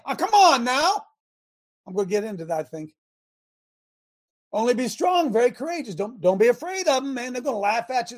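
Male radio host, fiery preacher, high husky voice. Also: darkish tone. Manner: fervent, preachy, sarcastic. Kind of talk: preaching on a talk show.

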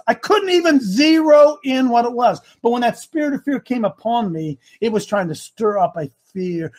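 A man preaching a sermon, animated, rising to loud bursts. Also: very high voice, normal speed, hardly any pauses. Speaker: pastor.

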